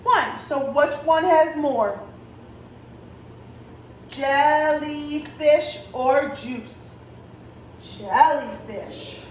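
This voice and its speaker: A woman kindergarten teacher giving a virtual lesson, talking slowly and clearly in a sing-song way to small children. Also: high voice, expressive, very echoey, recorded from a distance, a little hiss or hum, rough recording.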